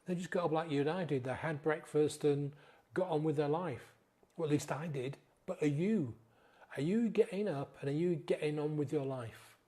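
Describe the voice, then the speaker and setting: A man's voice: fairly high pitch, normal speed, dark tone. A male sobriety coach giving an earnest, pleading motivational talk to camera, close to tears and often checking in with "yeah?". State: emotional, near tears.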